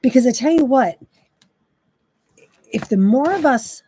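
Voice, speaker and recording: An impassioned woman delivers a faith-based monologue as a host, her pitch leaping and dropping as she vents her exasperation. Her voice sits a little high but mellow and slightly husky, recorded dry and close. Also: expressive, measured pace, dry recording. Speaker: Christian talk host.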